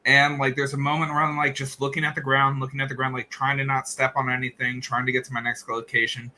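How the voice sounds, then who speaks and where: A man's voice: medium pitch, monotone, fast, bright, forceful tone. A man hosting a casual chat, rambling with lots of fillers, restarts and laughs. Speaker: host.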